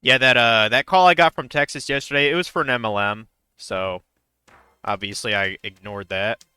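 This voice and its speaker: Bright, crisp young man rambling. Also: mid-range voice, moderate pace, no echo, clean studio sound. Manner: rambling and hesitant, many fillers. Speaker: streamer. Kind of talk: casual chat while gaming.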